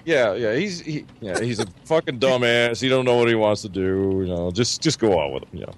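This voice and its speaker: A man's voice: medium pitch, brisk. A man telling a dating story to friends in a casual podcast chat, profane and laughing as he goes. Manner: animated, profane, laughing as he tells it. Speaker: podcast co-host.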